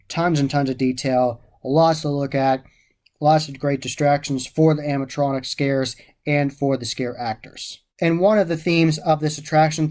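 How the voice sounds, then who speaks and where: A man's voice: on the high side, darkish tone. A man giving a casual, enthusiastic spoken review of a haunted attraction, often repeating how much he loved the details.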